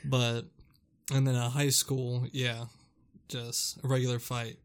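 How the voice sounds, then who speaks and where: A man's voice: medium pitch, little pitch movement, takes it slowly. Young man swearing through a casual story. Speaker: podcast co-host. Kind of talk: casual chat.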